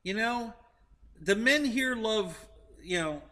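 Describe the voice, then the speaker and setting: A man in casual live-stream chat, his voice bright and pitched a little high, bouncing up and down as he talks. He laughs often and chuckles between remarks. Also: animated, slow pace. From United States. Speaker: host. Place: indoors, heated tent.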